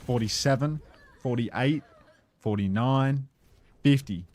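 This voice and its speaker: A man co-casting an esports stream in a relaxed, joking way, chatting and reading out viewer messages. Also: mid-range voice, slow pace. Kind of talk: casual live stream commentary.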